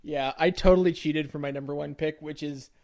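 A man's voice: a little high, fairly even intonation, brisk, a little mellow. Wry laughing podcast co-host, a man. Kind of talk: casual TV review chat.

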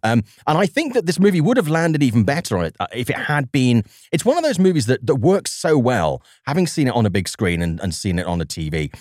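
A man's voice: mid-range voice, very animated, fast, few pauses, darkish tone, no echo, studio quality. A man with a fruity, mixed Welsh and English British accent, chatting as a podcast guest, self-deprecating and full of restarts. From United Kingdom. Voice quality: fruity, plummy. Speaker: podcast guest, film journalist. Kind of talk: casual podcast chat.

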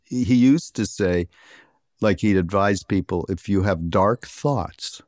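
Relaxed male guest, low voice, easygoing and agreeable. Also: a little slow, no room sound, studio quality. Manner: relaxed, affirming, laughs easily. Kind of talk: casual conversation.

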